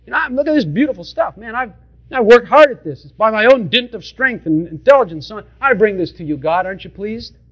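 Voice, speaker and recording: A proud, boastful firstborn brother who brags and expects praise for his own effort, as a preacher plays him. The voice is a man's, set fairly high. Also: animated, a little fast, muffled recording. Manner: boastful, self-satisfied.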